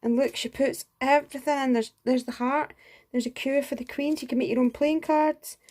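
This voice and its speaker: A woman's voice: sits high, fairly even intonation, moderate pace, a little mellow. A woman in a casual show-and-tell craft review, gushing and enthusiastic, full of exclamations. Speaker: craft vlogger.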